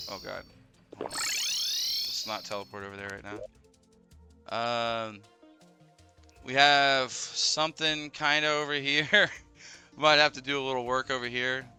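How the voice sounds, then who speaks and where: A man streaming a video game, talking through it casually and swinging into high, panicked yelps and swearing. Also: smooth. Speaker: gaming streamer. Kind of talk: live game commentary. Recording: game music loud behind voice. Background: game music.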